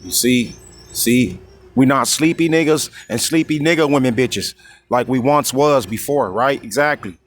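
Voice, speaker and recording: A man preaching on scripture in a coarse, heated way, reading verses slowly and drawn out and checking in with the listener again and again. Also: medium pitch. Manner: constantly repeats "you see?" and "you know what I mean?". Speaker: street-style preacher.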